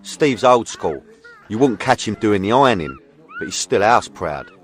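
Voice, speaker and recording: A man's voice: on the low side, sing-song, moderate pace, slight background noise. A man narrating a documentary in the first person, in a tense and dramatic style. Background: music.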